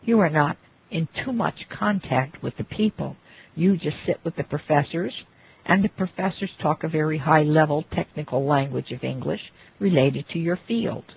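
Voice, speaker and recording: A man with a very husky, gravelly voice, pitched a little above the usual, tells a life story in an unhurried, reflective way. He turns to the listener now and then as he goes. The sound is thin and phone-like. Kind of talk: spoken narration of a life story. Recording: phone-like lo-fi recording.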